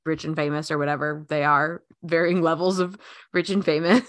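A woman's voice: deep voice, flat delivery, normal speed, no echo. A young woman co-hosting a casual podcast, musing aloud in a chatty way with lots of "like"s. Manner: chatty, muses aloud with many "like"s. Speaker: podcast co-host. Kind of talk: casual chat.

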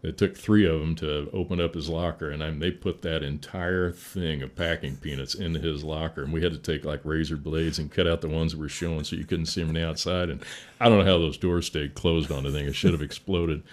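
A middle-aged man with a very deep, low-pitched voice talks casually as a veteran firefighter. He spins folksy stories, laughing along and acting out what others said. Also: fairly even intonation, brisk. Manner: folksy, laughs through stories, acts out quotes. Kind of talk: casual storytelling interview.

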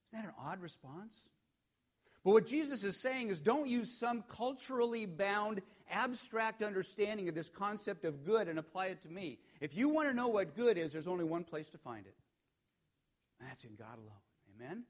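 A man preaching a sermon, telling a story and building to emphatic peaks before dropping to hushed, quiet lines. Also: high voice, sing-song, moderate pace. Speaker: pastor.

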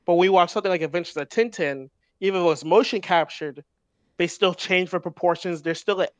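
Casting note: higher-pitched male podcast co-host, thoughtful, dry close sound. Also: a little fast, no room sound. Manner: thoughtful, restarts often while explaining. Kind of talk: casual film discussion.

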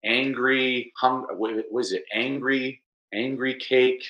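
A middle-aged man, an educator, talking animatedly in an interview and explaining with lively examples. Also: slow pace, reverberant, highs cut off. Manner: animated, explanatory, mimics Spanish with exaggerated pitch. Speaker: educator guest. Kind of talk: conversational interview.

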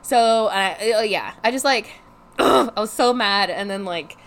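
A young woman telling a frustrated storytime vlog in casual chat, animated and exasperated, swearing freely and saying "like" constantly. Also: medium pitch, a little slow. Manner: heavy use of "like" as filler. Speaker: vlogger.

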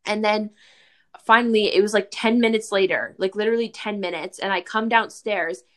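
A woman's voice: mid-range voice, fairly even intonation, normal speed, fairly bright tone. A young woman co-hosting a casual chat, telling a long personal story full of "like" and acted-out quotes. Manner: chatty storyteller, lots of "like", acts out her own replies.

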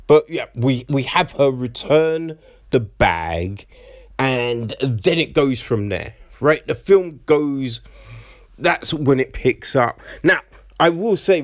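A man casually talking through a film, chatty and often tagging his points with "right?". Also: mid-range voice. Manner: chatty, keeps asking "right?", slips into mocking voices. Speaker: film reviewer.

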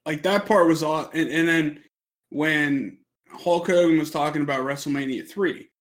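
A man's voice: fairly high pitch, fairly even intonation, normal speed. A young man telling a long story on a casual podcast, rambling, swearing a lot and laughing as he goes. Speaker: podcast co-host.

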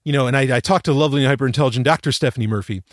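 A man's voice: mid-range voice, very fast, no echo, studio quality. A man hosting a podcast, telling a rambling story with lots of restarts and the odd swear word. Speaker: podcast host. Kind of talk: casual storytelling monologue.

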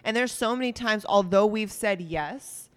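A woman's voice: medium pitch, normal speed, fairly bright tone, big-room sound. A young woman talking in casual chat, heated and blunt, swearing a lot.

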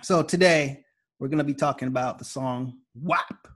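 A man's voice: mid-range voice, normal speed, fairly bright tone. A man hosting a podcast in laid-back casual chat, filling his talk with "like" and "you know" and laughing often. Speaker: podcast host.

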